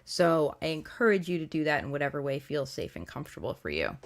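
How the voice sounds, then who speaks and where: A woman's voice: low-pitched, big pitch swings, fast talker, gravelly. A young woman hosting a casual livestream tarot reading, chatty and playful, rambling with fillers and restarts.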